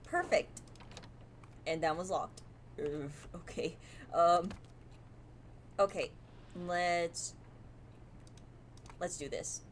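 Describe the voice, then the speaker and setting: A woman's voice: fairly low pitch, very slow, long pauses, slight background noise. A woman commentating as she plays a horror game, chatting to viewers and often startled into gasps and exclamations. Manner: jumpy and easily startled, gasping and exclaiming; chatty, talks to viewers while reading aloud. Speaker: gamer playing a horror game. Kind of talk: live gameplay commentary.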